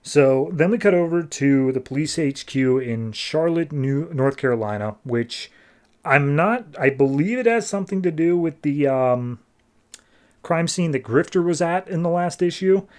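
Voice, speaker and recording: A man hosting a podcast, casually retelling comic book scenes and quoting the characters in quick bursts of voices. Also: on the high side, animated, a little mellow. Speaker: podcast host recapping comics.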